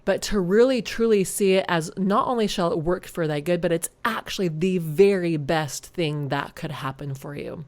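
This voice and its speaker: A woman hosting a podcast, telling a personal story in an earnest, reflective way that turns animated at times. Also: on the low side, normal speed, hardly any pauses. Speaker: podcast host.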